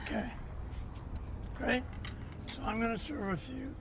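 Man, high voice, tennis coach, calm and encouraging, faint outdoor hiss. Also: a little slow. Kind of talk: on-court instruction.

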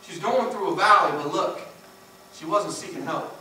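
A man preaching a sermon, emphatic, swinging between loud peaks and hushed low passages. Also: normal speed. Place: church sanctuary. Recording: echoey church from far off, noisy.

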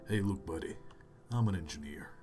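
A British man voicing a gruff American engineer with a put-on American accent and brash, drawling bravado. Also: deep voice, brisk, darkish tone, soft background music, close to an everyday voice. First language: British English speaker.

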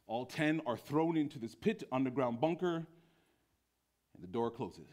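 A man's voice: medium pitch, animated, measured pace, a little mellow. A man preaching a sermon in church. He tells stories playfully and acts out the voices he quotes.

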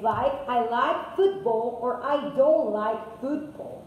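A woman teaching English to children, speaking slowly in a sing-song way and repeating each word. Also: on the high side, far from the mic, lo-fi sound. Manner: slow, sing-song, repeats words and translates into Spanish. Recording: echoey room with faint hiss.

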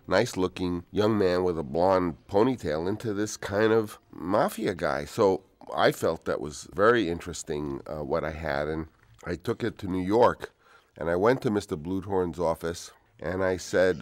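Man, sixties, very deep low voice, relaxed rambling storyteller, soft asides, commentary track. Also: normal speed, no room sound. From United States. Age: 60s. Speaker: film director. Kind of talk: DVD audio commentary, anecdotal storytelling.

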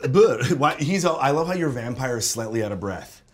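A man guesting on a comedy chat, soft-spoken and hesitant. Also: medium pitch, lively intonation, brisk, a little hiss or hum. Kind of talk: casual chat.

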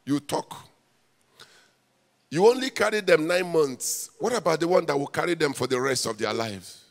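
A man's voice: a little high, expressive, moderate pace, vocal fry. A man, a pastor preaching a sermon and quizzing the congregation in call-and-response. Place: church hall. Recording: echoey hall, mic at a distance.

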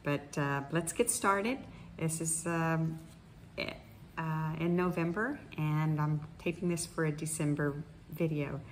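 Woman speech therapist, low voice, slow calm instructions, faint room hum. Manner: calm instructional, with many fillers. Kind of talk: guided voice exercise class. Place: indoors in Costa Rica, wind outside.

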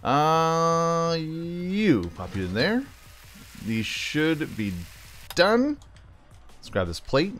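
A man's voice: on the high side, big pitch swings, very slow, long pauses, fairly bright tone, soft background music. A man casually commentating his own cooking game as he plays, chatty and thinking aloud, calling the viewer "bro". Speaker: gaming channel host. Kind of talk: casual let's-play commentary.

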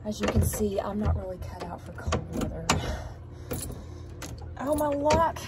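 This chicken keeper narrates her vlog casually as she does chores outdoors at the coop in freezing weather, speaking sweetly to her hens between remarks to the camera. She has a medium-pitched, animated voice and talks at a measured pace. Heavy background noise, including clucking chickens, surrounds her.

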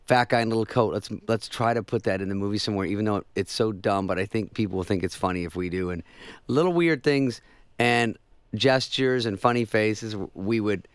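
A male comedian telling casual anecdotes on a talk show, dry and quick, dropping into voices for the people in his stories. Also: fairly low pitch, smooth, no echo. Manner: dry storytelling, mimics others in quick voices. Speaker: comedian guest.

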